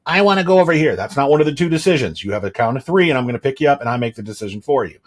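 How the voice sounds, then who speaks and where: A man's voice: medium pitch, expressive, rapid-fire. A man in his thirties, a podcast host, chatting casually and telling candid, rambling stories with frequent restarts. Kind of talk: casual chat.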